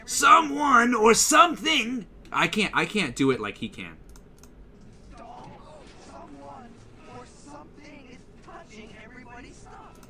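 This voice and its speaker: A man's voice: very high-pitched, very animated, slow, creaky, long pauses, bright, forceful tone, voice pushed up, heavily acted. A man doing a strained guttural cartoon kid. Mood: excited.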